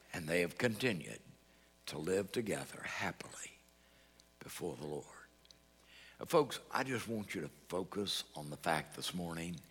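Man preaching a sermon, lowish voice with a bright edge, long hall echo behind him. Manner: storytelling, quoting both sides of a conversation. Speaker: pastor.

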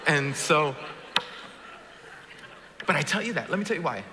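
A man preaching a sermon, jumping from booming, joking lines to hushed, quiet ones as he works the crowd. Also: unhurried, noisy background. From Brooklyn. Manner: animated, swings from booming to hushed, jokes with the crowd. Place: church auditorium. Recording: large reverberant hall.

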